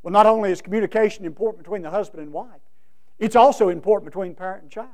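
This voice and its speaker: A middle-aged male preacher giving a sermon, emphatic, with big swings from loud to soft. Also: high voice, racing. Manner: emphatic, with wide swings in loudness.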